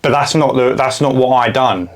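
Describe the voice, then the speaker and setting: A man's voice: mid-range voice, moderate pace. A man, co-hosting a casual podcast chat, blunt and matter-of-fact. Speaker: podcast co-host, window cleaner.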